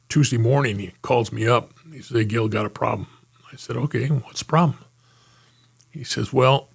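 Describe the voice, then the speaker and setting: An older man, a retired homicide lieutenant, tells anecdotes in a casual interview, acting out quotes and laughing often. His mid-range voice is gravelly and slightly rough.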